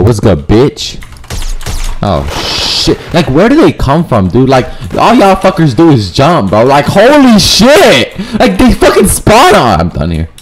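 Foul-mouthed gamer man, wildly swinging pitch. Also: a little mellow. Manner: profane, swings from low mutters to yelped high outbursts. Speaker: gaming YouTuber. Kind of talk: live gameplay commentary.

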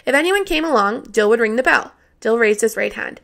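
A woman reading a novel aloud with steady, plain delivery. Her voice is fairly high, gravelly and bright. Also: brisk. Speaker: reader. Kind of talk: audiobook narration.

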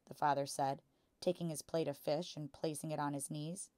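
A woman reads a children's novel aloud in a calm, expressive storytelling voice. Her voice sits on the low side, and the recording is close and dry with no room sound. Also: normal speed, no room sound. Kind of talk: children's read-aloud narration.

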